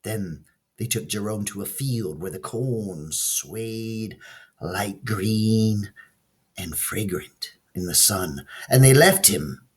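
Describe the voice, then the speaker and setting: A man reads a children's story aloud at a slow, unhurried pace. His voice is husky and his pitch moves in a lively way as he tells the tale gently. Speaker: narrator.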